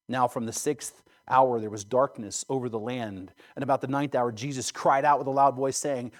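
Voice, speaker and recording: A man's voice: mid-range voice, fairly even intonation, a little fast, few pauses. Man reading scripture dramatically in a sermon. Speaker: preacher.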